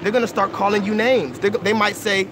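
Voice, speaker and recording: His voice sits high, steady in tone and brisk, as this thirty-something host streams live by an outdoor pool, talking into a phone. Chatting casually with kids, he coaxes earnestly and keeps asking "okay?" and "right?", with background noise behind him.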